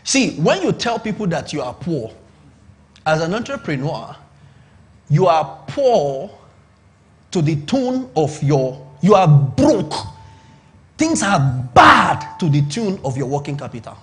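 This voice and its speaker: A middle-aged Nigerian pastor with a rather high, very animated voice preaches slowly on business. He hammers his points home, repeats them, and keeps asking the congregation to confirm.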